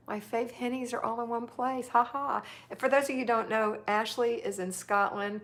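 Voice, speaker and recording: A woman's voice: on the high side, fairly even intonation, normal speed, hardly any pauses, a bit bright. Chatty woman hosting a livestream. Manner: chatty, affectionate, reads viewer comments aloud. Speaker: livestream host. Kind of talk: casual livestream chat reading comments.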